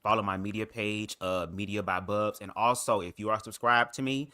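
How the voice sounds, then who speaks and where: Low-voiced, laid-back male guest. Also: steady tone, normal speed, bright, forceful tone. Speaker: guest, content creator. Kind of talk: casual panel chat.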